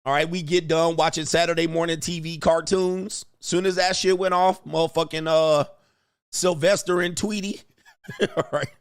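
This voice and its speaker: A man's voice: on the high side, fairly even intonation, moderate pace, clean tone. A man hosting crude casual commentary, laughing and swearing as he tells stories. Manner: profane, laughing, storytelling. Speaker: livestream commentary host.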